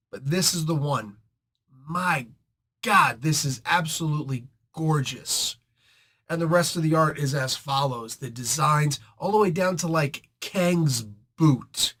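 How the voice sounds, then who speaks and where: A man hosting a casual comic book review, chatty and excitable, rambling between thoughts. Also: a little high, unhurried.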